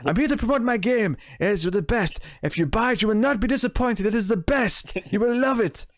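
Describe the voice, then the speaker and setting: Man putting on a mock French accent, drunk boastful game maker, high-pitched, loud choppy bragging. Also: a little fast, dry recording, studio quality.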